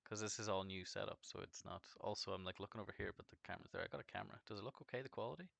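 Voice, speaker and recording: A man chatting casually on a live game stream, rambling and swearing, his voice jumping from deep to screechy when excited. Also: rapid-fire, vocal fry, no echo.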